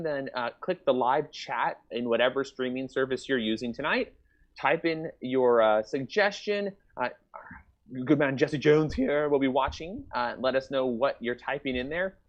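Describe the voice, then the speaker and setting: Brief: upbeat male stream host, middle pitch, muffled call audio. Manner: upbeat, chatty, warmly addressing viewers. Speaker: improv show host. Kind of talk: live-stream show introduction.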